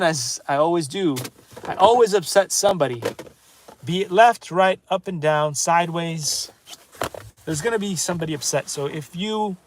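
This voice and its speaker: A man hosting a casual book review, talking in a digressive, self-interrupting way with offhand asides and reading some phrases slowly. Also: on the high side, a little hiss or hum. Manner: reads French phrases slowly and deliberately. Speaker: channel host reviewing books. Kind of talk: casual rambling review monologue.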